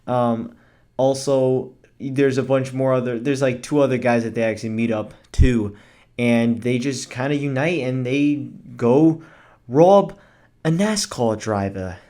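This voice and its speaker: A man's voice: medium pitch, fairly even intonation, moderate pace, darkish tone. A man talking through a casual movie review in a chatty, rambling way, with fillers and self-corrections.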